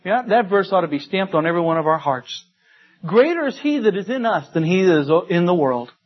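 Husky-voiced preacher. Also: male voice, sits high, sing-song, fairly quick. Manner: emphatic, repetitive preaching with folksy stories. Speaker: pastor. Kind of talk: sermon. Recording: dull lo-fi sermon recording.

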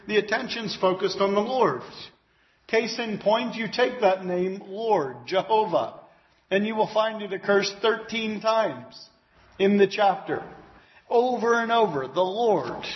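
High-voiced preacher on a dull recording. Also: male voice. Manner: earnest and emphatic, with exclamations of praise. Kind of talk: expository Bible teaching.

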